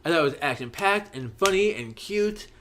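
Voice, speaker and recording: A man's voice: fairly high pitch, expressive, moderate pace, noisy background. A man hosting a podcast, casually recapping a story and acting out the characters' lines in raised voices. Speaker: podcast host.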